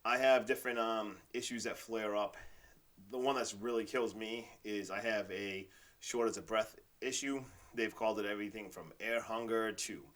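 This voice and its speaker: A man's voice: lowish voice, fairly even intonation, moderate pace, a bit bright. Enthusiastic rambling male podcast host. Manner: rambling, filler-heavy, enthusiastic; says "like" and "literally" often. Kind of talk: casual motivational monologue.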